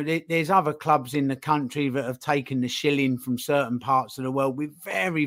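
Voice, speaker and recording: A man talking casually as a podcast guest, animated, acting out little dialogues as he makes his point. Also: fairly high pitch. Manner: animated, acts out phone calls in put-on voices.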